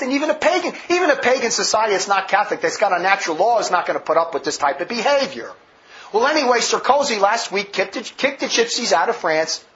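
A man's voice: high voice, fairly bright tone. A man preaching a sermon full of stories, vehement and rambling, with many restarts, on a dull lo-fi recording.

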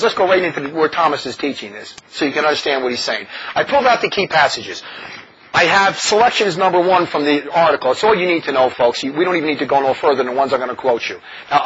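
A man's voice: sits high, breathy edge. A man speaking as a religious brother in an impassioned, mocking talk, laughing often. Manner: animated, mocking, with frequent laughs. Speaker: religious brother leading a community. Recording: dull lo-fi recording.

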